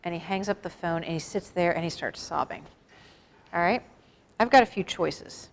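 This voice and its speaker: A woman's voice: lowish voice, moderate pace, a little hiss or hum. A middle-aged woman giving an informal, frank talk to a live group on suicide prevention, often asking the audience questions. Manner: conversational, asks the audience questions; frank, plain-spoken. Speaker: guest speaker on suicide prevention.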